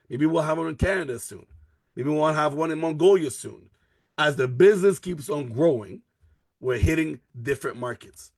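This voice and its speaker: A man presents a network marketing opportunity on a live video call, talking from his computer in an energetic, pushy sales voice. He repeats his key lines for emphasis. His voice sits a bit high, and the sound is dry, with no room echo.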